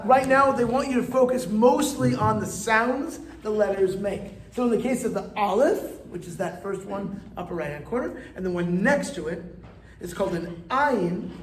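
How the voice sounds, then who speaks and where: A man's voice: high voice, fairly bright tone. A man, a rabbi, teaching a live classroom lesson in a chatty, playful way and coaxing his students to answer. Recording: echoey room with faint ambient noise.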